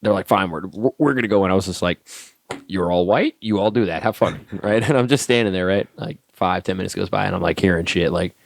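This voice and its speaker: Fast-talking deep-voiced man, profane storyteller. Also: gravelly, no room sound. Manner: profane, animated storyteller acting out dialogue. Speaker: podcast guest, army staff sergeant. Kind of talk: casual storytelling.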